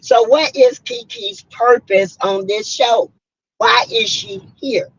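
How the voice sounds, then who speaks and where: A woman's voice: on the high side, slow, slightly rough, dull audio. A middle-aged woman, hosting a casual livestream, greeting viewers by name and giving frank opinions. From South Carolina, US. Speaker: host of a reality-TV review livestream. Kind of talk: casual live-stream commentary.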